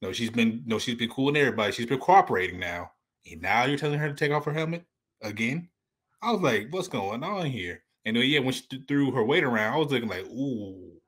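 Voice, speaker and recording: A man sits in as a guest on a casual talk show and gives his reactions to a TV episode. He rambles and restarts his sentences often, with slangy asides. His pitch is in the middle range for a man. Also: lively intonation, fast talker, fairly bright tone, breathy edge. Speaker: guest co-host. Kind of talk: casual show review chat.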